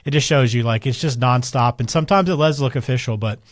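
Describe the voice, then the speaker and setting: A male co-host talks fast in a loose, chatty way, with a mid-range voice. He moves the talk along between topics. The recording is dry and close-miked. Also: mid-range voice, no echo. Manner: quick, chatty, loose with fillers. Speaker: podcast co-host. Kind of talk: casual conversational chat.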